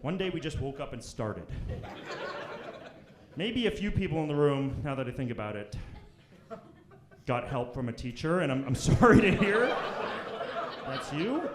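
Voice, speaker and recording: A young Canadian man doing a crude, brash stand-up set on a club stage, jumping into loud high voices when he quotes people. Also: big pitch swings, normal speed, long pauses. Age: young adult. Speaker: stand-up comedian. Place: comedy club stage before a live audience. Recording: echoey room with crowd laughter.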